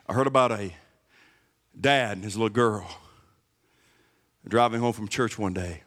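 A man's voice: lowish voice, a little slow, pauses often, a bit bright, in a large hall. A middle-aged man preaching a sermon, emphatic and repeating key words to the congregation. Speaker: guest pastor. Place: church sanctuary.

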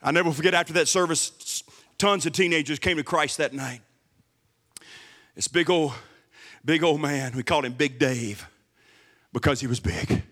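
A man giving a sermon as a guest pastor in a church, swinging from shouted emphasis to low, quiet asides. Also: normal speed, pauses often, big-room sound. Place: church service.

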